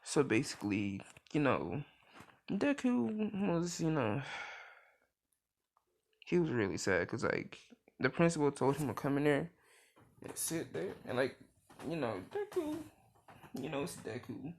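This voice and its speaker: A man's voice: on the high side, huge pitch swings, unhurried, vocal fry, long pauses, slight background noise. A young man improvising a fan story in casual chat, rambling with lots of fillers and restarts.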